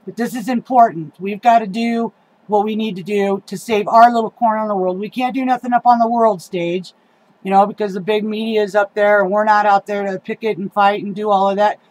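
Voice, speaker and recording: A woman's voice: mid-range voice, steady tone, a little fast, darkish tone, poor audio. A middle-aged woman giving a casual, rambling rant about local politics, heated and swearing, with lots of ums and uhs.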